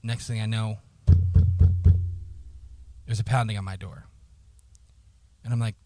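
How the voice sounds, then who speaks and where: A man on a podcast telling a painful personal story, halting, repeating words and swearing often, close to tears. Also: fairly low pitch, flat delivery, over music. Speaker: podcast co-host.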